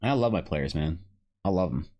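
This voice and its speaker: A man's voice: sits low, moderate pace, muffled recording. Joking, rambling streamer man. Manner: rambling, joking, animated asides. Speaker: streamer and game master. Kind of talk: casual live-stream chat while drawing. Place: home streaming setup.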